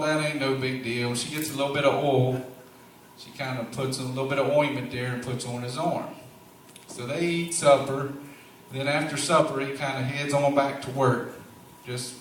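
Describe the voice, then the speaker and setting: A man's voice: medium pitch, a bit bright, slight background noise. A man narrating a Bible story at a church play, in a homespun, drawling way with preacher-like asides. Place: large church sanctuary. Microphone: far camera. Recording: very echoey hall, recorded from far off.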